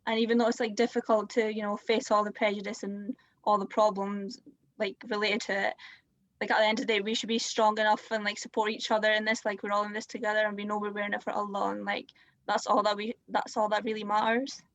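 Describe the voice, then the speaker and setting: A woman's voice: mid-range voice, flat delivery, fast talker, a bit bright. A young adult woman speaking earnestly as a panel guest on a video call, using "like" often. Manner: earnest, heavy on "like". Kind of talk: casual chat on video call. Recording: dull lo-fi video call audio.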